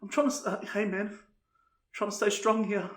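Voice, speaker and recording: Casting: young Aussie podcast co-host, high voice, deadpan crude storyteller, echoey room. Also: male voice, normal speed. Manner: tells absurd tall tales with a straight face, swears a lot. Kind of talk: crude comedic banter. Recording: roomy echo.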